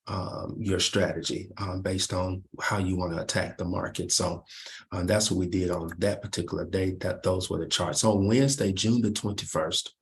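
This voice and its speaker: A man's voice: deep voice, steady tone, normal speed, creaky, a little hiss or hum. A man leading a trading lesson over his charts, asking rhetorical questions and answering them himself. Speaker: trading instructor. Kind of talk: screen-share market recap lesson.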